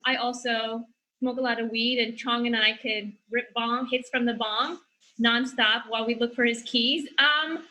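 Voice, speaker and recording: A woman with a high, very bright voice delivers dry jokes as a panelist. She pauses on ums and lets her punchlines land flatly. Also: rough recording. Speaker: comedian panelist.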